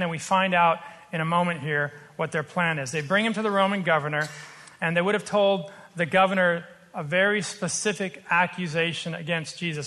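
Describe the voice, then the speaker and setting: Man, preacher, sermon, earnest, explanatory, high-pitched, reverberant hall. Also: bright, forceful tone. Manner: earnest, explanatory, slows for emphasis.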